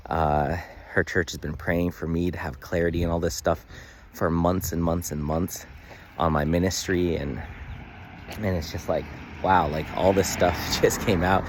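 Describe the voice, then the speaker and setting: A man's voice: low-pitched, a little hiss or hum. A man talking earnestly to his phone camera outdoors in a casual daily vlog, with many fillers. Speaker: vlogger. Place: outdoors in the sun.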